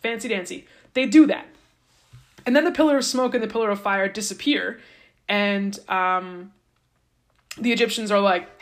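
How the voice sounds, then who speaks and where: A woman's voice: medium pitch, measured pace, fairly bright tone. A woman hosting a podcast, retelling a Bible story in a casual, joking way with slangy asides. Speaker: podcast host.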